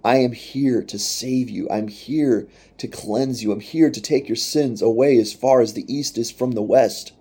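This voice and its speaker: A man's voice: mid-range voice, unhurried, hardly any pauses, mellow, slightly rough. A man preaching a sermon in an earnest manner, reading scripture and voicing quoted speech with rising intensity. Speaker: pastor.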